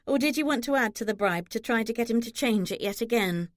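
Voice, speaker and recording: A woman reads a romance audiobook aloud, lifting her voice for the characters. Her pitch sits in a middle range. The sound is dry and close, with no room around her. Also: brisk, hardly any pauses, no room sound. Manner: expressive, shifts pitch for characters. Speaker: audiobook narrator.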